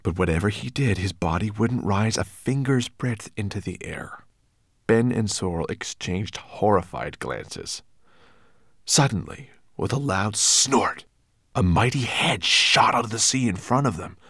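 A man narrating a children's fantasy audiobook with expressive storytelling. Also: on the low side, measured pace, husky, dry recording, studio quality.

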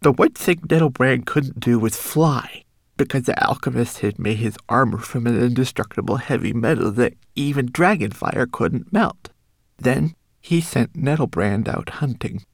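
A man's voice: normal speed, no echo, lightly acted. A man voicing Twigleg, a tearful little homunculus. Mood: anxious, explaining. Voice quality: high, quavering and pleading. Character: small, tearful, timid male homunculus servant. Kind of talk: audiobook character voice.

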